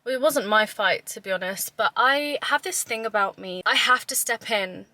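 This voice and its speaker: A woman talking casually to her vlog audience, telling stories in a chatty, animated way. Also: on the high side, normal speed, no echo. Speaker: vlogger.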